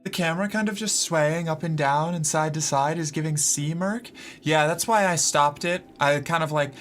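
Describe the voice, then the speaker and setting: Bright, sarcastic streamer guy. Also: fairly high pitch, normal speed, a little hiss or hum. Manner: sarcastic, exasperated muttering with swearing. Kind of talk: casual live-stream chat. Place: home room.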